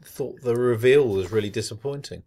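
A man's voice: medium pitch, normal speed, darkish tone, a little hiss or hum. A man co-hosting a casual podcast, making his points in a conversational way with some hesitation. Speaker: podcast co-host.

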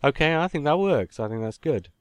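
A man's voice: fairly high pitch, lively intonation, a little fast, smooth, dry recording. A man hosting a podcast, chatting casually and talking his points through at length. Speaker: podcast host.

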